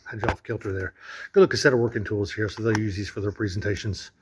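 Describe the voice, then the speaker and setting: A man's voice: fairly low pitch, fairly even intonation, fast, noisy background. A man chatting casually as he tours a lodge room, rambling with lots of fillers and restarts. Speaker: vlogger touring a lodge. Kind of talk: casual walkthrough narration.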